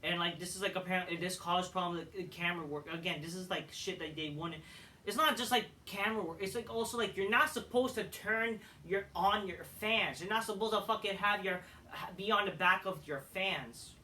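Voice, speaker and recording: Man ranting about wrestling, profane, blunt, restarts, high sharp voice, distant mic. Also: a little fast, slight background noise. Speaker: wrestling show reviewer. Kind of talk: ranting commentary.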